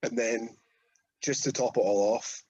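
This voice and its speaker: A man's voice: medium pitch, steady tone, a little slow, darkish tone, husky, no room sound, lo-fi sound. A man in his thirties, a wrestler guest, telling rambling, sweary anecdotes in casual podcast chat. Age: 30s.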